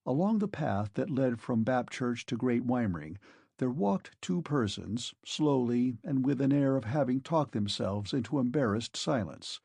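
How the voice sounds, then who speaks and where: A man narrating an audiobook in a measured, expressive manner. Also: mid-range voice, creaky, slightly rough, dry recording. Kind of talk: scripted narration.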